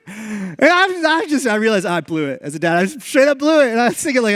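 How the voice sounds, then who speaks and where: A male pastor giving a sermon as an animated storyteller who acts out dialogue, speaking on a stage mic in a church sanctuary with long hall reverb. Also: high voice, fairly quick.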